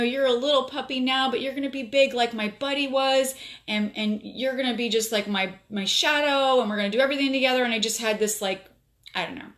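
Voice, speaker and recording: A fairly high, fairly bright female voice carries this casual live stream chat. The host, from South Florida, is at home on her phone telling an emotional story with lots of fillers.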